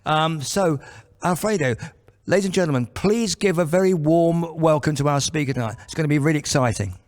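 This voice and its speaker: A man's voice: fairly high pitch, brisk. A man hosting an event, giving a rambling, self-deprecating introduction full of fillers. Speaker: host, vice chair of the group. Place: event venue, indoors.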